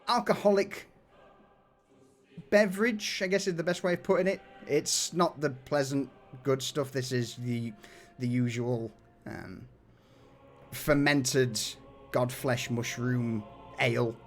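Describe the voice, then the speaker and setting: A man running a tabletop game as game master, narrating scenes in a relaxed, descriptive way with frequent fillers. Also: medium pitch, takes it slowly, pauses often, faint music behind.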